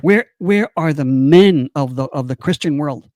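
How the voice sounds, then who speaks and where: An older man with a high, lively voice pours out impassioned rhetorical questions on a casual podcast. He sounds close and dry on a studio mic. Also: a little slow, no echo. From United States. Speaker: co-host.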